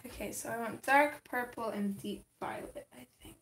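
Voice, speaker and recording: A livestream host talks casually with her audience and her cat from her home desk, her voice on the high side and gravelly. She keeps a moderate pace with few pauses. The room is echoey, with a little faint noise.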